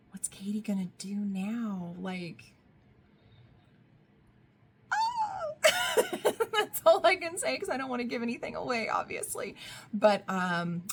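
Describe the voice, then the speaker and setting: Woman, book vlogger, casual and excitable, laughs and squeals, faint background hiss. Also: medium pitch. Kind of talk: casual book review vlog.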